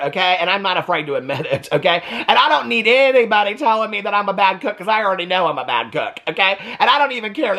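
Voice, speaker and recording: A man giving a sassy, animated casual recap of a reality TV episode, often tagging lines with "okay?". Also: high voice. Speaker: TV reaction vlogger.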